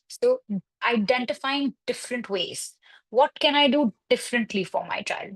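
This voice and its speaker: Over a rough recording, a woman with a medium-pitched voice talks in a webinar as a counseling psychologist. She is reassuring, explaining things through everyday examples and by quoting the worries parents express.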